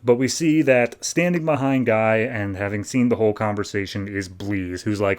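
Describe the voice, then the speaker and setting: A man's voice: fairly low pitch, fairly even intonation, moderate pace, few pauses, a little mellow. Casual male podcast host recapping comics. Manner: loose, filler-heavy talk with frequent "like".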